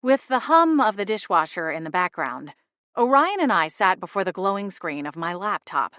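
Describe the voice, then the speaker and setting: A woman narrating a first-person audiobook in a steady, even storytelling voice on a studio microphone. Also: medium pitch, normal speed, no echo, highs cut off.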